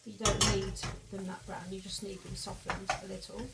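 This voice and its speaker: Woman home cook, chatty and rambling, plenty of ums and restarts, sniffly from onions, loud pan noise behind. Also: mid-range voice, little pitch movement, normal speed, creaky. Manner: rambling, self-deprecating, many fillers and restarts. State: sniffing, eyes watering from onion. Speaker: home cooking vlogger. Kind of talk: casual cooking demonstration. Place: home kitchen.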